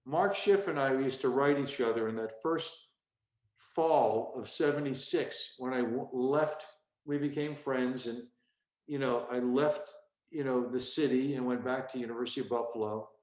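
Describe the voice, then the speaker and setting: A man's voice: mid-range voice, normal speed, a little mellow. A man in his sixties, a stand-up comedian, tells stories from his career in an interview and acts out bits of his old act. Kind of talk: storytelling interview. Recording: echoey room.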